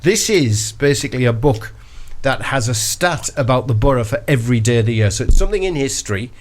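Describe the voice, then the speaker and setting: Bloke hosting a footy pod, chatty and excited, lots of uhs. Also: male voice, mid-range voice, a little fast, a little hiss or hum. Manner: chatty, enthusiastic, lots of fillers. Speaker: podcast host. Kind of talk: casual football chat.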